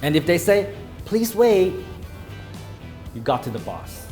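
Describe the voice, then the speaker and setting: A man's voice: medium pitch, sing-song, fairly quick, darkish tone, soft background music. A man giving a sales training lecture to a live class, emphatic and acting out phone calls in a commanding tone.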